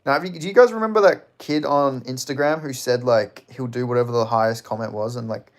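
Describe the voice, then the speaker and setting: A man's voice: mid-range voice, a little fast. Joking, sweary Australian man. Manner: loose and joking, swears often, laughs between lines. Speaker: livestream host. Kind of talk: casual livestream chat, reading viewer comments.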